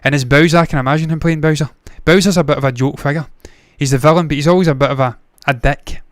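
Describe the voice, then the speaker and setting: A man's voice: a little high, fairly even intonation, fast talker, dry recording, studio quality. A man hosting a movie news show, talking casually with blunt, profane opinions and frequent tangents. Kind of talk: casual solo commentary.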